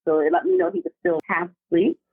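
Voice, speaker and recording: A woman calling in to a podcast, telling a story in a casual and animated way. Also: lowish voice, fast, vocal fry, slightly rough, no echo. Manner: animated, vivid retelling. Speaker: caller. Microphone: phone call. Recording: tinny phone line.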